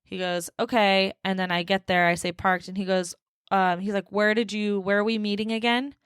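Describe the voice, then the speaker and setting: A woman's voice: medium pitch, little pitch movement, moderate pace, clear, resonant tone, no echo, studio quality. A young woman hosting a solo podcast, telling a dating story in a sassy, exasperated way and laughing often. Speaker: podcast host.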